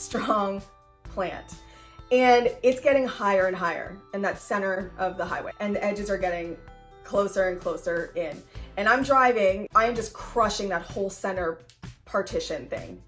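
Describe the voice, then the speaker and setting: A young woman tells a road trip story straight to camera. Her talk is casual and animated, full of "like" and the odd curse word, and her pitch sits in the middle of the range. Soft music plays faintly underneath. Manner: animated, swearing, lots of "like". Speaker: vlogger.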